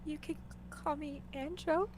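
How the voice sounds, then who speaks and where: A woman voicing a timid, nervous young female dryad who stammers softly, in a tabletop role-play. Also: high voice, fairly even intonation, measured pace, slight background noise. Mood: shy. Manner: stammering, hesitant, soft.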